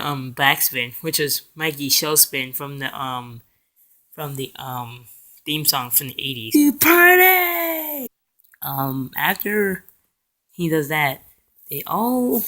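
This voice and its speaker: A man's voice: fairly high pitch, bright, forceful tone. A young man retelling a cartoon episode casually, rambling with fillers and self-corrections, and briefly acting out the characters' lines. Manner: acts out characters' lines in quick voices. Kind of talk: casual recap.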